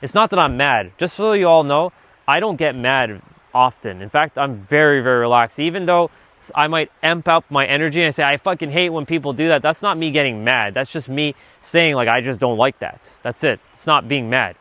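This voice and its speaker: A man hosting a livestream while out on a walk, talking loosely and casually, filling his talk with "like" and now and then letting a swear slip when he gets animated. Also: on the high side, normal speed, no room sound. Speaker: livestream host, self-improvement speaker. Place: outdoors on a walk. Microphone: handheld gimbal rig.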